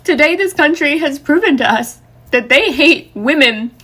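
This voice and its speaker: Bright impassioned woman ranting. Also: high-pitched, expressive, normal speed. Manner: earnest, impassioned. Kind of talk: social media rant.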